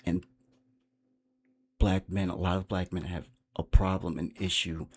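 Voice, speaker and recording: A man with a fairly low voice hosts a livestream and talks off the cuff. His commentary is blunt and profane, and he rambles from point to point. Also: level tone, unhurried, darkish tone. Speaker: livestream host.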